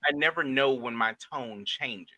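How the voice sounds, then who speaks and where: A man's voice: medium pitch, normal speed, a loud crowd. A man co-hosting a podcast in casual chat, stammering and repeating himself as he tells stories. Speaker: podcast co-host.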